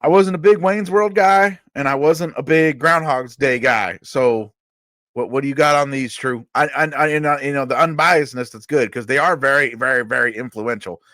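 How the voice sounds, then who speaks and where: A man hosting a casual chat, excitable and profane, laughing often. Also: medium pitch, moderate pace, no room sound. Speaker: podcast host.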